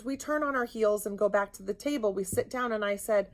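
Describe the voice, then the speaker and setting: A woman co-hosting a podcast, telling a story in casual chat, animated and indignant. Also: mid-range voice, fairly quick. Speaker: podcast co-host.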